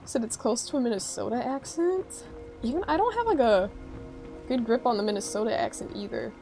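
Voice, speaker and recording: A woman's voice: on the high side, animated, a little fast, creaky, dark tone, faint music behind, rough recording. Giggly chatty woman streamer. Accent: Chicago. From Chicago area, USA. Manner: chatty, giggly, rambling with many fillers. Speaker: game streamer. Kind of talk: casual chat while playing a game.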